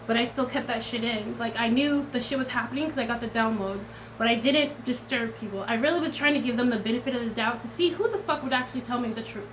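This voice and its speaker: A woman's voice: on the high side, a little hiss or hum, low-quality recording. A woman tarot reader talking straight to her viewers in a casual vlog, blunt and profane, swinging between defiance and tenderness and close to tears at times.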